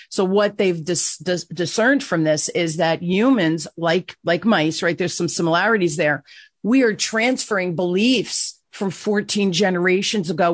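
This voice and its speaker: Woman podcast host, lowish voice, dry close sound, chatty and eager. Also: no echo. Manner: chatty, enthusiastic, many restarts. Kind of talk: casual interview chat.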